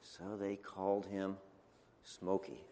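A man preaching a children's sermon as a story, chatty and animated, asking his listeners questions. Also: sits low, slow, long reverb tail.

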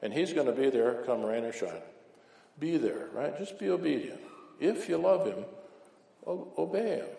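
A man's voice: a little high, creaky, mellow. A man preaching an informal, folksy sermon with homespun anecdotes, often checking in with "right?". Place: church hall. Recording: echoey hall recording.

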